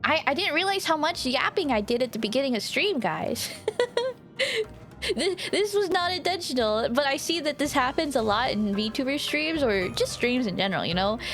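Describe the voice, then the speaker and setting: A woman's voice: on the high side, fairly bright tone. A woman streamer chatting casually with her viewers while playing a game, giggling often and swearing now and then. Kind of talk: casual livestream chat while gaming.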